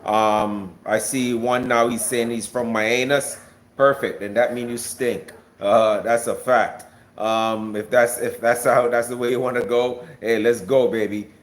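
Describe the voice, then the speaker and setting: A man's voice: lowish voice, slight background noise. A man originally from Jamaica, speaking in an American accent with a light Jamaican lilt, chats casually on a livestream, rambling and repeating words as he answers viewers. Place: South Florida.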